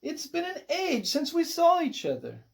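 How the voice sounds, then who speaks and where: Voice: high-pitched, wildly swooping pitch, moderate pace, gravelly, voice pushed up, exaggerated voice. A reader doing a gushing star with a fake English accent. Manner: grand, affected, calls people darling. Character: glamorous woman soap opera star, theatrical and gushing.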